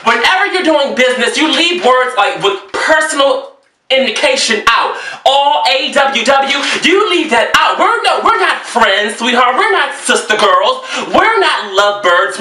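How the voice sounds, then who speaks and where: A man's voice: very high voice, measured pace. A man, a fashion designer, ranting sassily and theatrically about the emails he receives. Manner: theatrical, sassy, exasperated, animated delivery. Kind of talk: sassy comedic rant. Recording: roomy echo, mic at a distance.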